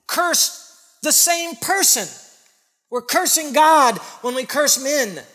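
A man preaching a sermon as pastor, emphatic, repeating phrases for stress and swinging between loud and hushed. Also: very high voice, expressive, slow, big-room sound.

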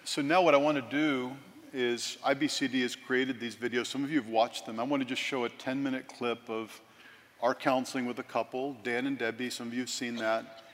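A man teaching biblical counseling and leading a session in a calm, measured voice. He speaks steadily and with care. He often turns back to scripture. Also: medium pitch, in a large hall. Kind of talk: teaching and counseling role-play.

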